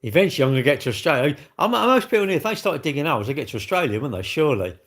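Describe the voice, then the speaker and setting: A man's voice: on the high side, big pitch swings, racing, a bit bright. A British man chatting casually on a livestream, rambling animatedly with slang as he answers viewers' comments. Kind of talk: casual live-stream chat.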